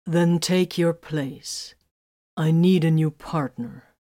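Stiff, bitter sergeant voiced by a woman, clipped delivery, low voice, audiobook. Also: slow pace, dark tone. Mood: curt. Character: proud male warrior sergeant, bitter and stiff.

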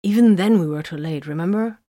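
A woman reading the part of a tired, brooding male space warrior in a flat, dry voice. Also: on the low side, brisk, no room sound, close to an everyday voice. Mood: weary.

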